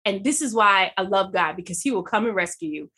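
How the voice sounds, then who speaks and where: A woman guest telling a personal faith testimony in conversation, animated and acting out her own dialogue. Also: mid-range voice, fairly quick, slightly rough.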